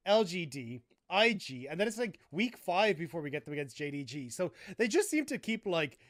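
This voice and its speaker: A man's voice: fairly high pitch, sing-song, moderate pace, a bit bright, no room sound, clean studio sound. A man casting esports, chatting through analysis in a skeptical, matter-of-fact way. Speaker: esports caster.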